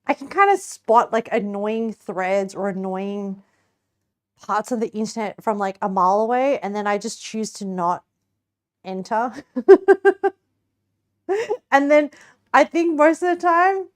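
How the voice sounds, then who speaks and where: A woman's voice: medium pitch, expressive, measured pace, pauses often. A young Australian woman chatting casually while baking on a stream, giggling often and rambling with lots of restarts.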